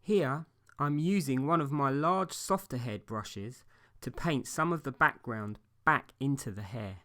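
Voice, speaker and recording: Calm man narrating a painting lesson. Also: medium pitch. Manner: calm, measured, explanatory. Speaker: painting instructor. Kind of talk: scripted tutorial voice-over.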